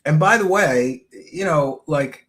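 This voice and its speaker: A man's voice: fairly high pitch, expressive, takes it slowly, a bit bright. A man hosting a casual livestream, commenting on a clip with mocking asides, laughter and crude remarks. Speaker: show host.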